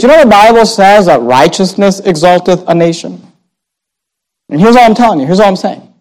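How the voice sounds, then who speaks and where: A pastor with a notably high voice delivers a sermon with passion. He climbs to loud, forceful emphasis, then sinks soft and low. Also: low-quality recording. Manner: impassioned preaching, rising to loud emphatic peaks.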